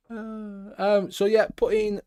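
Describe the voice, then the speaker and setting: A man's voice: high-pitched, warm tone, clear, resonant tone. A man hosting a casual live-stream chat, jokey and laid-back. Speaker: host.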